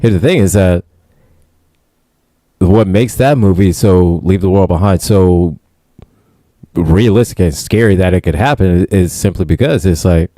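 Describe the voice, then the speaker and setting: Man, casual livestream co-host, agreeable, drawn-out explaining, very low voice, mellow. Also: no room sound, studio quality.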